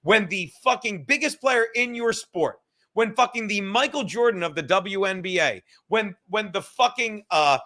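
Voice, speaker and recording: A man hosts his own podcast in a high, bright voice. He rants heatedly and swears through nearly every sentence. He breaks off now and then to answer his chat. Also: expressive, moderate pace. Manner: profane, heated, ranting. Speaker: podcast host. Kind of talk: profane ranting monologue reading chat comments.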